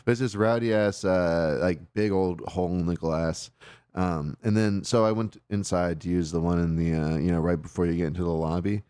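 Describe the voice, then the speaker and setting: A man's voice: sits low, steady tone, normal speed, dark tone, smooth, no echo, clean studio sound. A man hosting a call-in show, telling a rambling story in casual talk, swearing constantly and filling his sentences with "like" and "uh". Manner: swears constantly, rambling rant with many fillers.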